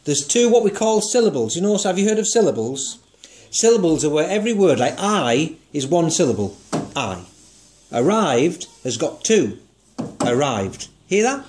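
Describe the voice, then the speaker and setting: A high, sing-song male voice with a darkish tone moves a little fast over slight background noise. During this one-to-one music lesson on songwriting, he stays patient and encouraging, poses guiding questions, and sings short notes as demonstrations.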